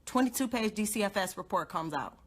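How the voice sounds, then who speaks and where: A young woman giving an impassioned, confrontational live rant, repeating her points and swinging between loud outbursts and low muttering. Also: lively intonation, brisk. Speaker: godmother and activist livestreamer.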